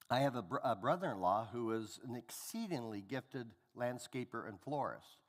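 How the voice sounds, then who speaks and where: A man's voice: mid-range voice, long reverb tail. A man preaching a sermon, telling family stories and acting out the voices of the people in them. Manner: animated storyteller acting out family dialogue. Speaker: pastor. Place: church hall.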